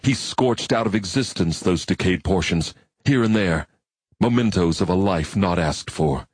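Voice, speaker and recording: A man reads a novel aloud in a measured, reflective way. His voice sits very low and husky, and the recording is close and dry. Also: no room sound. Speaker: narrator. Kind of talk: audiobook narration.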